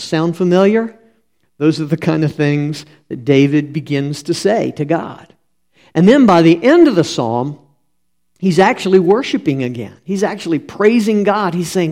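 A man's voice: on the high side, unhurried, warm tone. A man preaching a sermon, reading scripture aloud and then explaining it in an earnest, conversational way. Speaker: pastor.

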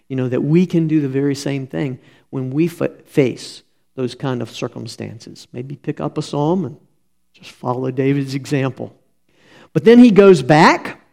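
A man's voice: fairly high pitch, gravelly, a little mellow. A man preaching a sermon, reading scripture aloud and then explaining it in an earnest, conversational way. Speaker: pastor.

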